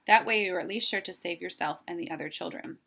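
A woman voicing a wise old male owl who speaks in a measured, formal way while reading a storybook aloud. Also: lowish voice, vocal fry, fairly bright tone, breathy edge, full character voice. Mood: grave.

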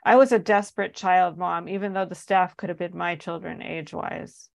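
A woman with a lowish voice and a gravelly, fry-edged texture reads from her memoir. She delivers it earnestly and with strong emotion. The sound is close and dry. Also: fairly even intonation, normal speed, no echo. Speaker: author reading her own work. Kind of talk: reading a memoir aloud.

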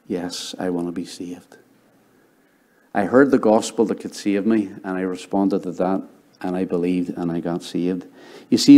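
A middle-aged male pastor preaching a sermon and telling his conversion story, dropping to a hushed voice when he quotes people. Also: on the low side. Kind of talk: sermon with personal testimony.

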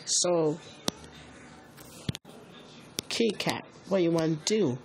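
A woman improvising a story narration with toys, halting and restarting mid-sentence. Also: lowish voice, expressive.

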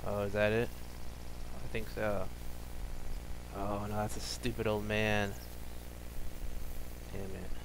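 A man streaming a video game live, talking to himself as he plays and breaking into loud, frustrated, swearing outbursts. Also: on the low side, flat delivery, slow, long pauses, background noise. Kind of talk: live gameplay commentary.

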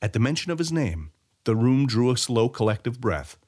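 A man narrating a fantasy short story as an audiobook reader, in an expressive storytelling way. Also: mid-range voice, moderate pace.

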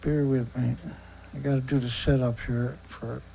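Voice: medium pitch, level tone, normal speed, creaky, mellow, a little hiss or hum, rough recording. A host of a daily news show reads news excerpts aloud and comments on them in a sarcastic, indignant way, often stumbling and repeating words.

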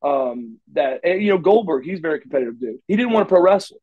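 A man's voice: a little high, expressive, fast, phone-quality sound. A middle-aged man from Oklahoma telling rambling backstage stories as a guest in a shoot interview, with frequent restarts and salty language. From Oklahoma, USA. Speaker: interview guest, former wrestler.

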